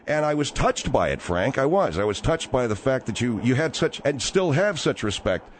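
A man hosting a call-in radio show, talking in a halting, placating way with many fillers. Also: mid-range voice, very animated, a little hiss or hum. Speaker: radio talk show host.

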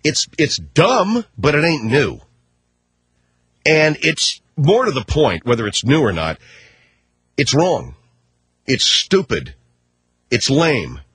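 A man's voice: medium pitch, very animated, takes it slowly, long pauses, fairly bright tone, breathy edge, no room sound. A man ranting on talk radio in a combative, sarcastic, mocking way. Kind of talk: radio rant.

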